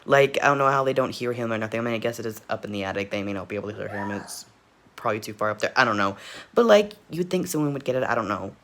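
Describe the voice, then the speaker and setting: A man's voice: fairly low pitch, lively intonation, racing, a bit bright, slight background noise. Rambling, giggly man reacting. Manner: rambling, laughs often, keeps apologizing. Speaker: reaction video host. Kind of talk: casual reaction commentary.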